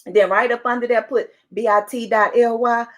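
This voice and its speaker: An upbeat woman with a fairly high voice, pitching motivation to listeners on a call. She talks with excitement and keeps pressing the same point. Her voice comes through call audio. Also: fairly quick. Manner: excited, upbeat, repetitive urging. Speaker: motivational speaker.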